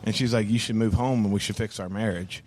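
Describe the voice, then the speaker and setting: Middle-aged Texan pastor, lower voice, tells a rough past plainly at a table. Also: male voice, fairly even intonation, quick pace, a little mellow. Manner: frank, earthy storytelling with acted-out quotes. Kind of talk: storytelling in casual table talk.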